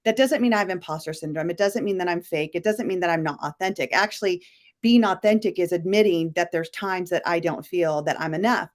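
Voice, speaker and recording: A woman's voice: lowish voice, brisk. A woman co-hosting a live online talk show, speaking earnestly in a coach-like way and sharing stories from her work with clients. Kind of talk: casual live chat.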